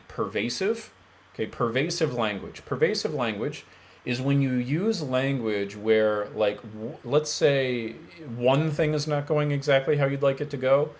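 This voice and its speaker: A man speaking as a mental health coach, talking bluntly and emphatically straight to his viewers. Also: medium pitch. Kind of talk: direct-to-camera coaching talk.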